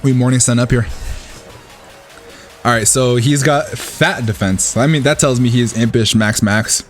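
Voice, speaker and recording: A man's voice: medium pitch, moderate pace, soft background music. A man casually commentating his own competitive match, thinking aloud and cheering his plays. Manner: excitable, thinks aloud, talks to the opponent.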